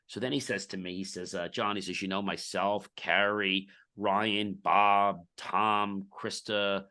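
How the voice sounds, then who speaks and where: Man, middle-aged, very low voice, bright forceful tone, animated storyteller, podcast guest. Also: measured pace. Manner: animated storyteller acting out dialogue. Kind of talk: casual storytelling interview.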